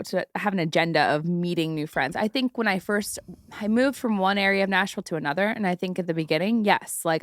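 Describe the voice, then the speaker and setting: A woman's voice: on the low side, no room sound, clean studio sound. A woman in her thirties hosting a podcast, chatting casually and bluntly and laughing easily. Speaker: podcast host. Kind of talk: casual chat.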